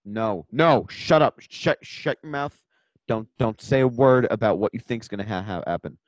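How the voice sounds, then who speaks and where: A young man co-hosting a podcast in casual chat, jokey and animated, often trailing off into a mutter. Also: fairly low pitch, moderate pace, no room sound, lo-fi sound. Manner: animated, jokey, drops to a mutter at line ends. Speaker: podcast co-host.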